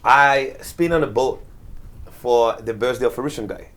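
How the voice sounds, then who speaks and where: A man's voice: medium pitch, moderate pace, fairly bright tone. A young man, a DJ, telling stories in a casual chat, acting out quotes and laughing often. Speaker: DJ guest.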